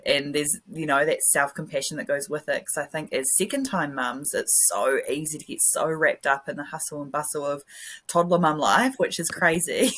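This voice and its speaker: A woman's voice: low voice, sharp tone. A woman hosting a podcast interview, chatty and rambling, laughing often. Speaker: podcast host. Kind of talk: casual interview chat.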